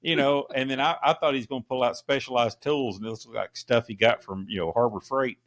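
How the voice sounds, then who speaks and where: A middle-aged man co-hosting a podcast in an easygoing, rambling way, piling his stories with fillers and restarts. His voice sits at an ordinary middle pitch for a man. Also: fairly quick, a bit bright. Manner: rambling storyteller with many fillers. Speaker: podcast co-host. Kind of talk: casual chat.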